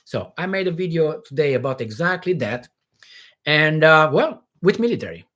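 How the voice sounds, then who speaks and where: A man's voice: a little high, sing-song, moderate pace, a bit bright. A man hosting a live Q&A, talking in a profane, emphatic and rambling way. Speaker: livestream host answering questions. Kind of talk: live Q&A monologue.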